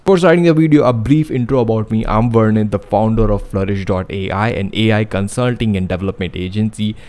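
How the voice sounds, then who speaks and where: Deep, mellow hyped host. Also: male voice. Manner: hyped, promotional. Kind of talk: scripted narration.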